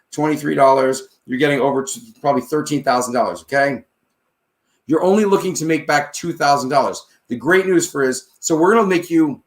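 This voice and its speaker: A man hosting a trading advice show, talking casually and confidently while he walks through the numbers out loud and keeps checking in with his listener. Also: on the high side. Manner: checks in with "all right?" and "okay?" often. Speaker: stock trading advice host.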